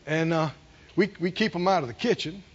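A man preaching a sermon, calling on the congregation to answer, dropping to near whispers and rising to loud peaks. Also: fairly high pitch, fairly quick, slightly rough, dull audio. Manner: call-and-response preaching, swinging from hushed to loud. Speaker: pastor.

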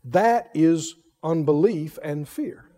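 A man preaching a sermon, leading the congregation in call-and-response and rising to shouted, drawn-out declarations. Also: fairly high pitch, expressive, long reverb tail. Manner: leads the congregation to repeat lines.

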